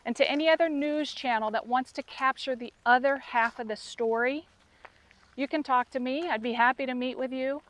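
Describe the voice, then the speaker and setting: Woman, dog trainer, impassioned, emotional, direct appeal, fairly high voice. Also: normal speed.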